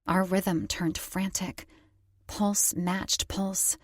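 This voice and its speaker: A woman's voice: fairly low pitch, normal speed, dry recording, clean studio sound. Wry woman narrating a romance audiobook. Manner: wry, conversational storytelling.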